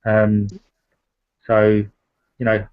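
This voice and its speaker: A man hosting a discussion, talking in a halting way with many fillers and restarts. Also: on the low side, monotone. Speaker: host. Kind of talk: casual discussion. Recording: dull lo-fi sound.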